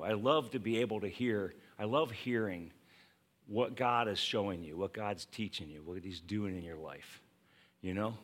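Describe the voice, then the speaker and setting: Male pastor, bright and forceful tone, chatty preaching that acts out the Bible scenes. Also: fairly low pitch. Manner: conversational, animated preaching with laughs; acts out scripture quotes in voices. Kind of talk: sermon.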